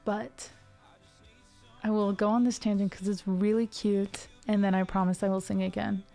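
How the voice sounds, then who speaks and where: Soft background music accompanies a music streamer in her twenties chatting casually to her live stream, rambling through tangents and fillers. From Ohio, she has a neutral General American accent. Her medium-pitched voice is dark with vocal fry, shows little pitch movement, and moves at a moderate pace.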